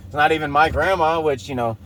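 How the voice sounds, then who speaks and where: Quick-paced and a bit bright, this man's voice sits on the high side. He's a thirties-aged podcast host telling a profane, rambling personal story as a casual monologue, laughing often. There's slight background noise.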